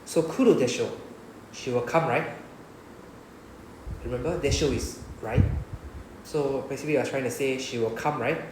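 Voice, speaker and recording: A man's voice: mid-range voice, normal speed, long pauses, a little mellow, reverberant, a little hiss or hum, low-quality recording. A man with a Singaporean English accent teaching a Japanese class, often checking with "right?". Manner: repeats "right?" to check understanding. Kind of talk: classroom lesson explanation.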